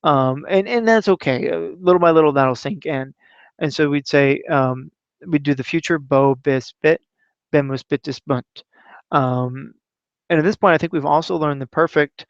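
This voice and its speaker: A relaxed man talks through classroom Latin drills, pausing on ums before rattling off chanted verb endings in a smooth, resonant voice. The sound is close and dry, with a slightly dull, muffled top end. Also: on the high side, no echo. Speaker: Latin teacher. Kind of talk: explaining classroom Latin recitation.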